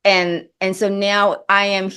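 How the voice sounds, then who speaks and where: Emotional, halting middle-aged actress. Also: female voice, mid-range voice, flat delivery, pushed and bright, clear, resonant tone. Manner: emotional, halting, many restarts. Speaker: actress, guest. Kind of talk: interview chat.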